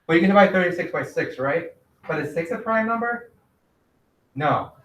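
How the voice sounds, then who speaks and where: Male teacher, slightly high voice, quizzing pupils, echoey classroom. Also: animated, normal speed, slight background noise. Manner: asks students questions, gently directive. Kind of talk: classroom math lesson.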